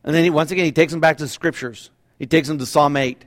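A middle-aged man pastor preaching a sermon in a conversational, animated way, acting out voices now and then. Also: a little high, fast.

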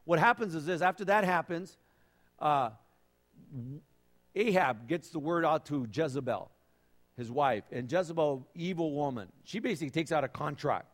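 Casual preacher, fairly high voice, halting delivery that acts out voices, hall reverb. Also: male voice. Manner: conversational storytelling with frequent fillers and restarts, acting out voices. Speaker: pastor. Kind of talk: sermon.

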